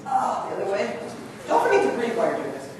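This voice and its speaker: Energetic woman clinician, chatty coaching tone, recorded at a distance in a very echoey hall. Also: a little high, fast, over a noisy crowd. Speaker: choral clinician leading a workshop. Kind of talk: live workshop instruction to choir directors. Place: large conference hall. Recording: distant voice in a big echoing hall with room noise.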